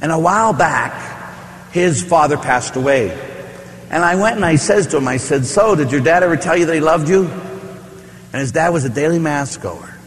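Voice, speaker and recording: A man's voice: on the high side, animated, moderate pace, slight background noise. A middle-aged man preaching as a priest, telling stories and asking the congregation questions. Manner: storytelling with rhetorical questions. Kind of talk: sermon. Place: church. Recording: echoey church hall.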